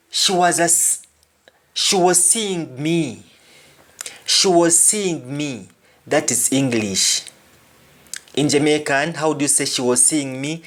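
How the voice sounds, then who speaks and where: A man giving an explanatory language lesson as a teacher, deliberate and repeating each example phrase twice. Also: fairly high pitch, a bit bright.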